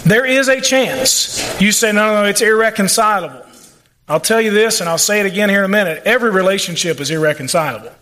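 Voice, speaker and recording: A man's voice: sits high, animated, quick pace, bright, forceful tone, a little hiss or hum. A male pastor preaching a sermon, folksy and plain-spoken, with asides and playful sarcasm. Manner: acts out quoted voices.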